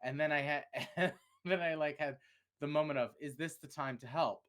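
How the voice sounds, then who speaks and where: A man's voice: fairly high pitch, moderate pace, a bit bright. Rambling man with a Southern accent. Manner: rambling, self-interrupting, laughs often. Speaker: podcast co-host. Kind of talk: casual chat.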